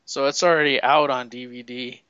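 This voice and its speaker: Bright, profane man telling movie plots. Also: mid-range voice, fairly even intonation, moderate pace, clear, resonant tone, no room sound, muffled recording. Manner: rambling, profane storytelling with acted-out quotes. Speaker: movie fan recommending films. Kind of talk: casual chat.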